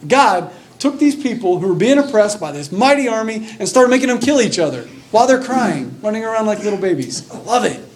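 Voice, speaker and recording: High-voiced, animated male preacher. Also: fairly quick, hardly any pauses. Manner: animated storytelling, reads scripture aloud, acts out scenes with excitement. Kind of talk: sermon.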